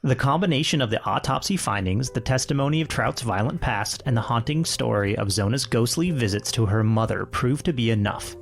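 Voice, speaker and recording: A man co-hosting a podcast, telling a story from notes and chatting in a relaxed, joking way, a bit tipsy. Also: mid-range voice, brisk, creaky, hardly any pauses. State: tipsy from bourbon. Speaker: podcast co-host. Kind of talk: casual chat mixed with read narration.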